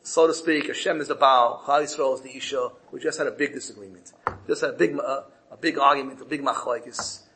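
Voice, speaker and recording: A man's voice: mid-range voice, fairly even intonation, brisk, sharp tone, rough recording. A man teaching a Torah lesson and telling a parable, lifting his voice for the characters and often restarting phrases. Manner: storytelling, lifts his voice when quoting characters; repeats words and restarts phrases.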